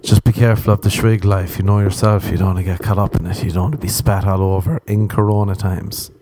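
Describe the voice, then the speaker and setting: A young man with a low, mellow voice hosts a solo podcast from Los Angeles, talking fast in a flat delivery. He tells rambling, swear-filled stories and acts out other people's lines. There is slight background noise.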